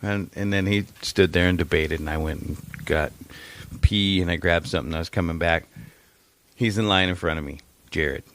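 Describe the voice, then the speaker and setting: A man co-hosting a podcast tells a casual story, cursing freely and doing animated impressions of those he quotes. His voice sits low, his speed is normal, and there's a little hiss or hum.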